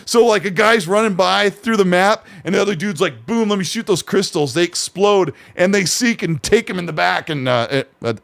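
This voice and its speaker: A man's voice: high-pitched, moderate pace, creaky, few pauses, fairly bright tone, dry recording. A man hosting a gaming podcast, chatting casually and rambling with frequent self-corrections. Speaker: podcast host.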